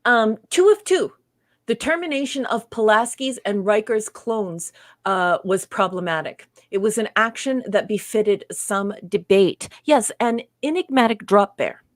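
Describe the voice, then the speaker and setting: A woman's voice: medium pitch, a little slow, no echo. A woman co-hosting a casual podcast, emphatic and affirming as she reads listener comments aloud. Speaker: podcast co-host. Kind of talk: casual review chat.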